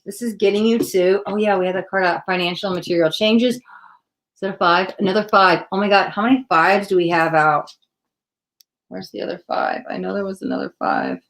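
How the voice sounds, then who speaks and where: A woman hosting a live psychic tarot reading, talking straight to the viewer in a chatty, excitable way and often breaking off mid-sentence. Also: mid-range voice, a little fast. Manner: chatty, excitable, self-interrupting, addresses viewer directly. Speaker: psychic tarot reader, host.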